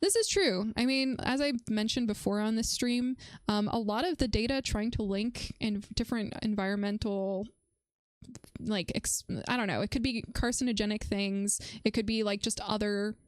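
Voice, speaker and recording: A woman's voice: medium pitch, normal speed, no room sound. A woman live-streaming as she reviews a research paper, chatting playfully with viewers and breaking her explanations with fillers and restarts.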